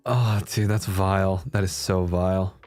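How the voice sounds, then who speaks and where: A man's voice: deep voice, steady tone, normal speed, a little mellow, faint music behind. A young man chatting casually on a livestream. He laughs often and swears freely. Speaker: streamer.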